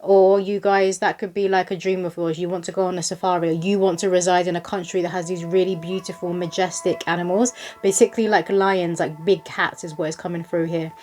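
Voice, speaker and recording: A woman's voice: on the low side, flat delivery, fairly quick, hardly any pauses, darkish tone. Chatty woman giving a psychic reading. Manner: chatty, rambling, with many likes and ums. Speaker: psychic reader. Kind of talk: casual spiritual reading to camera.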